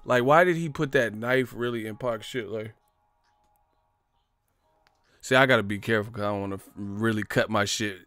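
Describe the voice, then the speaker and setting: A man hosting a casual live stream, rambling and swearing, laughing often and acting out movie lines in loud, high voices. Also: normal speed, pauses often, dry recording.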